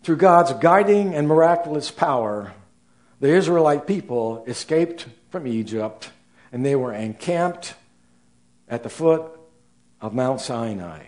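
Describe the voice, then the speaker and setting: Older male preacher, sixties, measured sermon delivery, unhurried, voice rising for stress and dropping quiet at line ends. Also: mid-range voice, lively intonation. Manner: slow, deliberate delivery with rising emphasis and soft trailing phrase ends.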